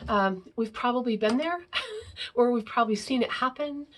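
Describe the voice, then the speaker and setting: A woman's voice: a little high, animated, normal speed. A woman explaining parenting ideas in a casual, conversational talk, often ending her points with "right?". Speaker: parenting educator.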